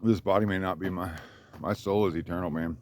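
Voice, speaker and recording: A man with a lowish voice rambles through a profane story about his own life. He sounds boastful and worked up, and his pitch leaps up whenever he quotes someone else. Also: fairly even intonation, a little fast, darkish tone, slight background noise. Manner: rambling, profane and boastful, voice jumps up when quoting others. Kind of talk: rambling monologue.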